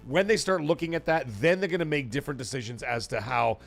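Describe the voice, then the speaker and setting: A man hosting a live gaming talk show, chatting casually and thanking viewers from chat in a rambling, animated way. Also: on the high side, fast, vocal fry, faint music behind. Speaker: livestream talk show host.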